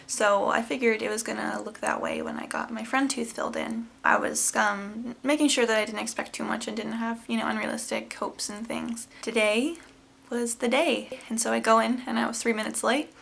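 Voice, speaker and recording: Gravelly twenty-something woman vlogger. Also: on the high side, steady tone, moderate pace, a bit bright. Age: 20s. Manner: candid, emotional, quoting others in retold dialogue. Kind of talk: casual personal storytelling to camera.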